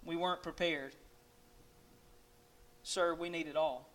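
A man voicing a gray-haired old doctor who speaks in a hushed, pleading way. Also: fairly high pitch, steady tone, takes it slowly. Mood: grave.

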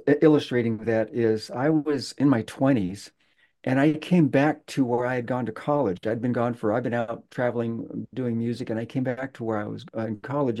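Man, guest, storytelling, halting, lots of fillers, warm mellow tone. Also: mid-range voice. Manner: halting, many fillers and restarts. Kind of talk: conversational storytelling.

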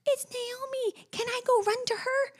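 A woman voicing her small toddler daughter in a squeaky, childlike voice. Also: fairly even intonation, unhurried. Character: small excited toddler girl.

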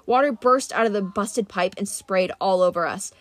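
A woman's voice: mid-range voice, normal speed, no echo. Woman reading a storybook aloud. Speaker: audiobook reader. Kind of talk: first-person storybook narration.

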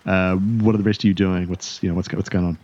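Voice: deep voice, steady tone, fast talker, darkish tone, lo-fi sound. A game master narrating a tabletop game, hesitant with many fillers.

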